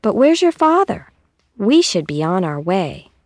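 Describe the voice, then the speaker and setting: A woman voicing a gentle, practical mother in a storybook reading. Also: medium pitch, very animated, unhurried, dry recording, clean studio sound.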